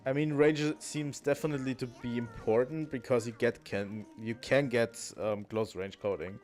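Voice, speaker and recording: A man's voice: mid-range voice, steady tone, normal speed, a little mellow, soft background music. A man streaming a video game, talking to himself in a loose, thinking-aloud way with frequent ums and restarts. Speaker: gaming streamer. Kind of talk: casual let's-play commentary.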